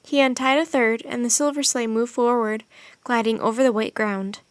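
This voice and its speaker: Woman, audiobook narrator, expressive storytelling, fairly high voice, dry studio sound. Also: moderate pace, no room sound.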